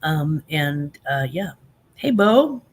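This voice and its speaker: A woman's voice: deep voice, sing-song, slow pace. A woman in her fifties hosting a live stream, chatting casually and rambling with many fillers and restarts, laughing often between remarks. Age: 50s.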